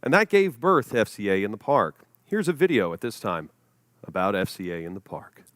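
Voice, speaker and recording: A man's voice: fairly low pitch, sing-song, fairly quick, a bit bright. A man hosting a charity gala livestream, calling a party game play-by-play and laughing between lines. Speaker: gala host. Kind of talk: livestream emcee, game commentary.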